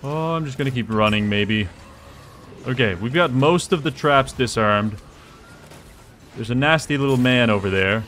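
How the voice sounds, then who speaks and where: A young man streaming a game, chatting casually with jokes and sudden excited exclamations as he plays. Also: medium pitch, moderate pace, long pauses, slight background noise. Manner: rambling, joking, bursts into excited exclamations. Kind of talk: casual live gameplay commentary.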